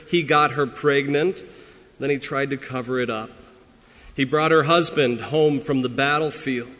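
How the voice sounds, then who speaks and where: A man preaching a sermon as pastor, earnest and emphatic, pressing some lines hard and dropping others to a hush. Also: medium pitch, long reverb tail.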